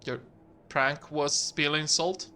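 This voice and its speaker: A man streams a video game, commenting casually and getting excited as he swears freely. His voice is bright and smooth, a little higher than most men's. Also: takes it slowly. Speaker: gaming streamer. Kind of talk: casual let's-play commentary.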